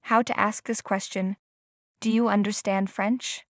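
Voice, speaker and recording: A woman calmly asks lesson questions and explains a rule in an even, instructional manner. Her voice sits in a middle range, and the sound is dry, with no reverb. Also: mid-range voice, a little slow. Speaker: language teacher. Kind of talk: scripted lesson prompts and explanation.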